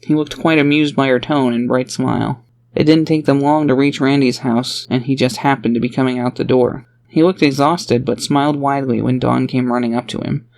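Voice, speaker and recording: Man narrating an audiobook, even pitch. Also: brisk, gravelly. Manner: even, steady storytelling. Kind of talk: scripted narration.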